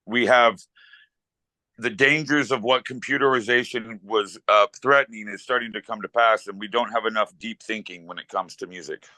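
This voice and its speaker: Bright-toned earnest middle-aged man. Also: on the low side, normal speed, no room sound, poor audio. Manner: earnest, reflective, speaks in long thoughtful sentences. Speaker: rock musician guest. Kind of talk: interview conversation.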